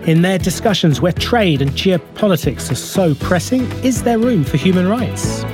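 Male radio host, slightly high voice, formal headlines over music. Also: animated, moderate pace. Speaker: radio presenter. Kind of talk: scripted news presenting. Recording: music bed under voice.

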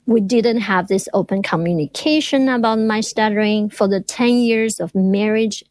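A woman's voice: mid-range voice, moderate pace, a little mellow, no echo. A woman who stutters, speaking earnestly and reflectively as an interview guest. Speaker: doctoral student in speech pathology. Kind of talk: interview conversation.

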